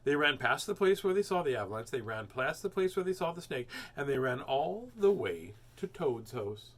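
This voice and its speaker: A man reading a children's storybook aloud as host, expressive and animated. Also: mid-range voice, normal speed. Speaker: children's book reader, host.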